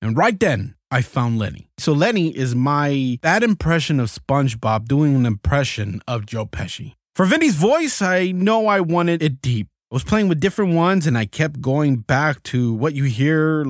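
A man's voice: fairly high pitch, expressive, normal speed, few pauses, no echo, studio quality. A man hosting a comedy show, talking casually to listeners and explaining how he came up with his characters. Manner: chatty, explaining. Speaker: host.

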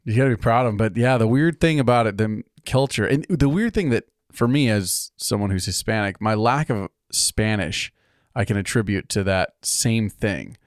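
A man's voice: fairly low pitch, no echo, clean studio sound. A man in casual podcast chat from California, telling stories with lots of laughter. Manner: animated storytelling, quick to laugh. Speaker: podcast co-host.

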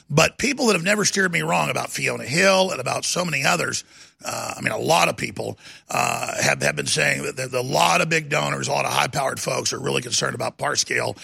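A man's voice: a little high, creaky, sharp tone, husky, dry recording, clean studio sound. A middle-aged man hosting a political talk show, delivering an emphatic, ranting monologue. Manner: emphatic, ranting, restarts and rising intensity.

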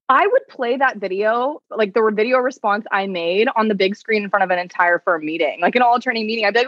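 A woman's voice: on the high side, brisk, hardly any pauses, no echo. A young adult woman talks through a story in casual podcast chat, slipping into quoted voices and stacking "like" between phrases. Her mid-range voice sits close on a dry mic that sounds a touch dull. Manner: animated storytelling, heavy use of "like", quoting people. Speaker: attorney and content creator, guest.

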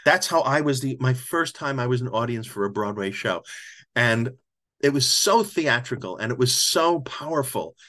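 A man's voice: medium pitch, animated, moderate pace, pushed and bright. Emotional older man telling a story. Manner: reflective, emotional storyteller with frequent restarts. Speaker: author and podcast guest. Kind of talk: storytelling in an interview.

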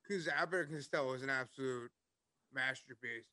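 A man's voice: medium pitch, brisk, sharp tone, no room sound. A man co-hosting a podcast, telling funny stories from his old jobs in casual chat. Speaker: podcast co-host.

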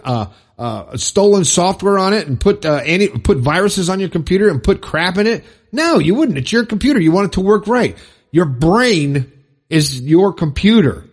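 A man hosting a podcast, fired up and preachy, repeating phrases for emphasis in a husky voice. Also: a little high. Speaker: podcast host. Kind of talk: impassioned motivational monologue.

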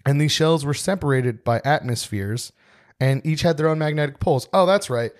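A man's voice: on the high side, moderate pace. A young man co-hosting a podcast in casual chat, joking around and laughing often. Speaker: podcast co-host.

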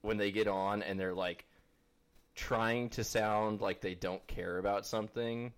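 A man with a lowish voice who talks slowly on a podcast. He rambles and leans on fillers as he works out his point. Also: fairly even intonation, smooth. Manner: slow, rambling, many fillers. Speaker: podcast co-host. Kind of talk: casual chat.

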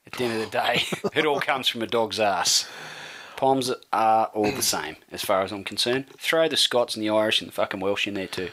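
A man with a bright, forceful voice co-hosts a casual sports chat show. He is blunt and profane and quick to throw in a joke. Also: fairly low pitch. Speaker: podcast co-host.

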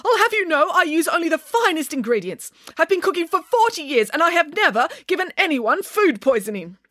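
A woman voicing an older female school cook who is proud and easily upset, speaking in a shrill, indignant way. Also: very animated, moderate pace, no echo, studio quality.

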